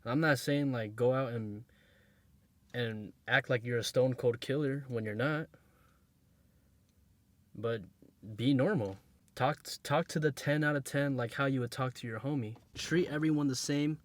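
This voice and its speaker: A man's voice: mid-range voice, a little slow, pauses often, no echo. A man giving dating advice in a casual monologue, blunt and emphatic, repeating his points and using street slang.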